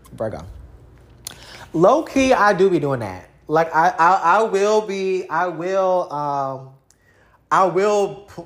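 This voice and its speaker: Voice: medium pitch, roomy sound. Young adult rambling to camera, super casual, tons of likes and slang. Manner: rambling, filler-heavy, slangy. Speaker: vlogger.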